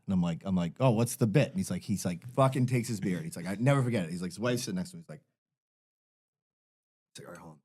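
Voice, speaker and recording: A man's voice: sits low, rapid-fire. A man co-hosting a podcast, telling a profane anecdote in casual chat. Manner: profane, animated storyteller. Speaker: podcast co-host.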